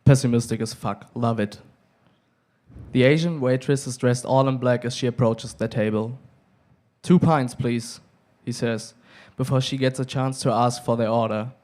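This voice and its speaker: Young male reader, relaxed narration, average pitch. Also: moderate pace. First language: German. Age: young adult. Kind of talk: literary reading. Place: live reading event.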